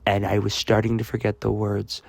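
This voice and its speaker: This fairly low, monotone male voice is creaky and darkish, at a moderate pace and with no room sound. It belongs to a young US man whose casual vlog story wanders, mocks himself, and keeps restarting amid fillers.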